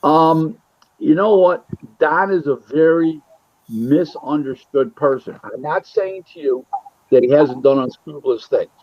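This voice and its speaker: Animated storytelling man, dull lo-fi sound. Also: on the high side, a little slow, dry recording. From Buffalo, New York. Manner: animated storyteller who acts out quoted dialogue. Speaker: boxing matchmaker and booking agent. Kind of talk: casual interview storytelling.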